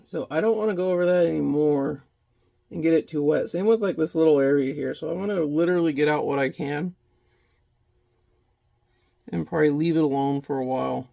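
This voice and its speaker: A man in his thirties talks casually as he paints at home, rambling along with a joking tone and the odd swear word. His voice sits slightly high and has a gravelly, fry-heavy texture. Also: brisk, long pauses, warm tone, highs cut off. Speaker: painting vlogger. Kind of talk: casual chat while painting.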